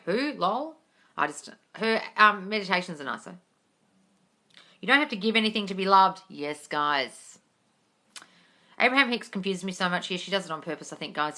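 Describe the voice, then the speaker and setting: A woman's voice: fairly low pitch, bright, forceful tone. A woman answering viewer questions as a manifestation coach on a livestream, blunt and sweary, calling her viewers darling. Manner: affectionate asides to viewers.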